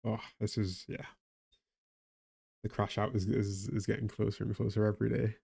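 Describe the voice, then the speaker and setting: A man's voice: lowish voice, level tone, normal speed, creaky, dark tone, husky. A tired man with a weak Geordie accent, chatting casually on a live stream, rambling and laughing about the economy. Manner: laughing, rambling, talks to chat and a pet.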